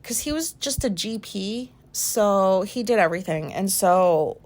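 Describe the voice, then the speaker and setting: A woman in her forties, hosting a podcast and talking through an embarrassing memory in a candid, rambling way, self-conscious and quick to swear. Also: medium pitch, animated, a little mellow. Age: 40s. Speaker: podcast host. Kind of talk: candid personal monologue.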